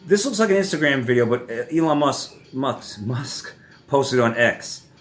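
A man's voice: mid-range voice, animated, normal speed, soft background music. A man hosting reaction commentary, ranting with heavy profanity and frequent laughter. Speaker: host.

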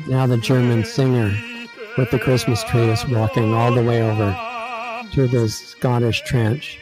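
A man's voice: mid-range voice, unhurried, music in the background, rough recording. Man animatedly retelling a film scene. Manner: animated, acts out characters' thoughts. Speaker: online talk show host.

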